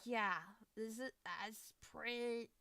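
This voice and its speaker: A woman's voice: on the high side, fairly even intonation, slow pace, creaky, sharp tone, clean tone, no room sound. Sweary, exclamatory Scottish woman streamer. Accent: Scottish (Edinburgh). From Scotland, Edinburgh. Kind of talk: casual reaction commentary. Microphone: Shure studio mic.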